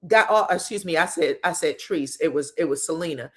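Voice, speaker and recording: A woman recapping a reality TV episode, talking candidly and straight to the cast, slangy and quick to swear. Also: low voice. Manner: slangy and expressive. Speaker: reality TV commentator.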